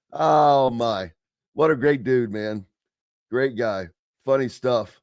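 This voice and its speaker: Male sports radio host, mid pitch, chatty and rambling, dry close studio mic. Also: extremely slow, darkish tone, no room sound. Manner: chatty, rambling, reads listener comments aloud. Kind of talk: casual sports talk radio.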